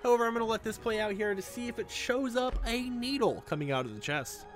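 A man giving jokey, animated gameplay commentary as a YouTuber, talking back at the game, with faint game music behind him. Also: high voice, fast. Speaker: gaming YouTuber.

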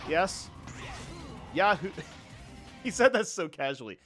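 A young man giving casual, jokey let's-play commentary, reacting loudly to the game as he plays. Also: sits high, normal speed. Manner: excitable, jokey, yelps at the game. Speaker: gaming YouTuber. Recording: faint game music behind.

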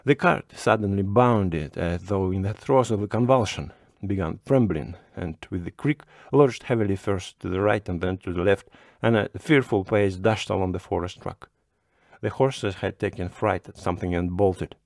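A man with a low voice reads a classic short story aloud at a measured pace. His delivery is steady and expressive as he narrates the scenes. The recording is close and dry, with no room sound. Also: no room sound. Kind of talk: audiobook narration.

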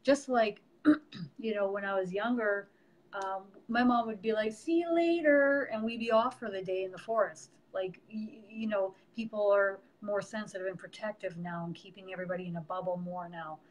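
A woman's voice: mid-range voice, fairly even intonation, normal speed, slight background noise, poor audio. Middle-aged lady medium chatting on a stream, loose and talky, lots of ums. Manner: chatty, warm teaching with frequent fillers. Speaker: medium and host. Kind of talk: casual live-stream chat.

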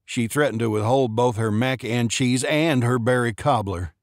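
A nervous young man, polite and eager to please, as a male narrator puts him on. He talks hesitantly, with a slightly raised, lighter pitch than the narration. The sound is dry and close. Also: moderate pace, no room sound, natural voice. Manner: hesitant, deferential.

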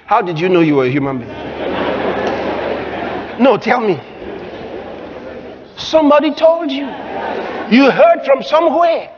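A male pastor preaching a sermon, emphatic and often shouting, acting out the voices of the people he quotes. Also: extremely high pitch, expressive, moderate pace, long pauses. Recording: muffled live recording with crowd and noise.

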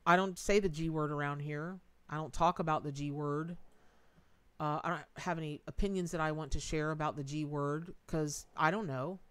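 A woman's voice: sits low, steady tone, moderate pace, clear, resonant tone, dry recording. Folksy woman reading tarot live. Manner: folksy and emotive, thanks donors, says y'all and Lordy. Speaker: tarot reader and livestream host.

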